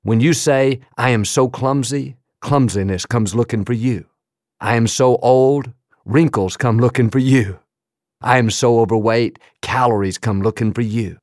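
A man preaching a sermon in a rhythmic, emphatic way, slowing down on quoted phrases. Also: medium pitch, darkish tone, dry recording, clean studio sound. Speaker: pastor.

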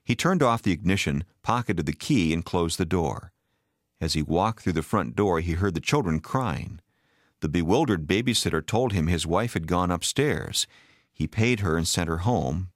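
A man reading a story aloud as an expressive audiobook narrator. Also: low voice, dry recording, studio quality.

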